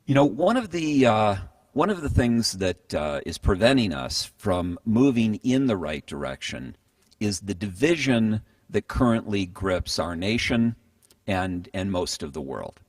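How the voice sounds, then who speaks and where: A man's voice: on the low side, big pitch swings, measured pace, dry recording. A man giving a motivational talk, telling a story in an earnest way and often restarting his phrases. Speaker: speaker.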